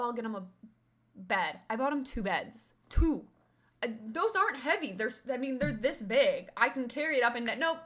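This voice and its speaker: A woman's voice: a little high, sharp tone. A young woman streamer chatting casually with her viewers, rambling and swearing now and then.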